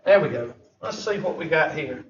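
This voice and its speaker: A man's voice: on the high side, lively intonation, normal speed. A man teaching a math class, joking and folksy as he lectures. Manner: joking, folksy, drawled Southern phrasing. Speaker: math instructor. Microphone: far room mic. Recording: echoey, distant, muffled classroom recording.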